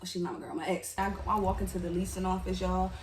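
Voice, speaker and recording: A woman's voice: fairly low pitch, steady tone, fast talker, recorded from a distance, slight background noise. A woman telling a personal story in a casual, candid storytime vlog, talking straight to her viewers with emotion. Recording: echoey room, voice off-mic.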